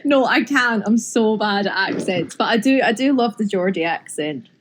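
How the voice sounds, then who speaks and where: A woman's voice: a little high, expressive, moderate pace, slight background noise. Bubbly woman, laughs easily. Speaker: podcast guest. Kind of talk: casual interview chat.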